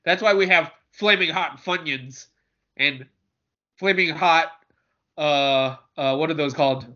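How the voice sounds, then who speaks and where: A man's voice: on the high side, measured pace, pushed and bright, highs cut off. A man co-hosting a podcast in a casual, joking chat, often repeating words as he starts a thought. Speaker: podcast co-host.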